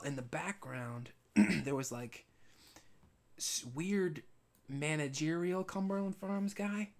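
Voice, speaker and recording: A man live streaming while he animates, telling a casual story with many restarts and frequent throat clearing. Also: mid-range voice. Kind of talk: rambling casual anecdote.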